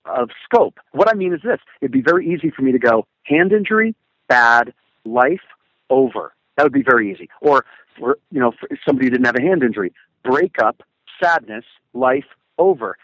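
Male guest, middle pitch, lively storyteller on a close, dry mic. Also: dry recording, muffled recording. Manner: animated storytelling with emphatic repetitions. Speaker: guest, motivational speaker. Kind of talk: casual conversation.

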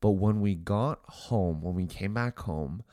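A man's voice: low-pitched, unhurried, dark tone, no room sound, studio quality. Earnest man with a stuffy nasal voice. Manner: earnest, repeats words when starting sentences. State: congested from allergies. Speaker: co-host. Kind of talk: casual faith-based marriage podcast chat.

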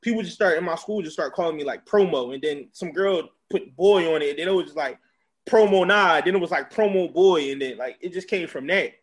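A man's voice: fairly high pitch, fairly quick, breathy edge. A young man with a Philadelphia accent, a music promoter chatting casually as an interview guest, rambling with lots of fillers. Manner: laid-back, filler-heavy rambling.

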